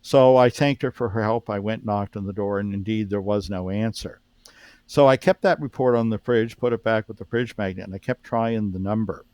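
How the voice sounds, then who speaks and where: A man from Canada, a former police officer and paranormal researcher, telling a story as a podcast guest, with frequent restarts and lively retelling of what others said. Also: on the low side, moderate pace, no room sound. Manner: animated storyteller who acts out quoted speech, with frequent restarts.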